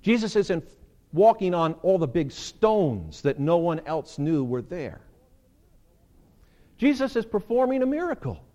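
A pastor delivering a Sunday sermon in a somewhat high male voice. He is lively and theatrical, and his voice leaps upward whenever he plays out a quotation. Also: unhurried, highs cut off. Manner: animated, acts out quoted lines with big jumps in pitch.

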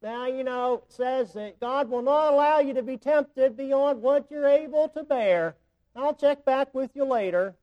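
A man voicing a flippant comforter in a high, whining voice. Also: unhurried, lo-fi sound. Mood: glib.

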